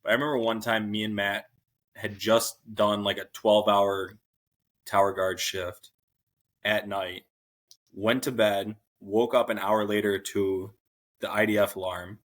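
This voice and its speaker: Man, lowish voice, laid-back, profane, casual army stories. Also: level tone, unhurried, a bit bright. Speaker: podcast co-host, army veteran. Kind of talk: casual storytelling chat.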